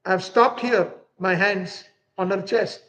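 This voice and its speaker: A man's voice: high voice, steady tone, takes it slowly, a bit bright, low-quality recording. Commanding disguised healer from a devotional story, firm orders, voiced by a male preacher. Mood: urgent.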